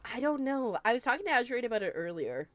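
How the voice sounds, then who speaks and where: A woman's voice: on the high side, big pitch swings, fast talker, a bit bright, no room sound. A young woman with the hiccups, chatting casually and laughing often while streaming a video game. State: has the hiccups. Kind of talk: casual gameplay chat.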